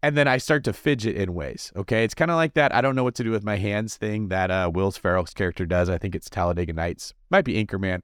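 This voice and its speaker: A man hosting a real estate podcast, talking in an animated, jokey and energetic way, answering listener comments. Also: fairly low pitch, fast talker, few pauses, smooth, dry recording, studio quality. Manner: animated, jokey, fidgety delivery. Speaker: podcast host. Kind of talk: energetic casual monologue.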